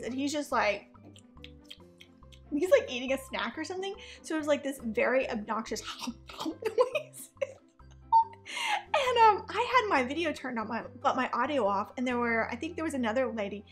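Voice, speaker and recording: Woman in her thirties, high voice, casual reaction vlog, animated, laughs a lot, faint music behind. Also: moderate pace. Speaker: vlogger, mom.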